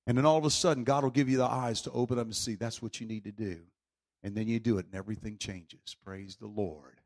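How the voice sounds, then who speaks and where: A man preaching a sermon with fervent energy, swinging from shouts to quiet storytelling. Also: lowish voice, fairly even intonation, fast talker.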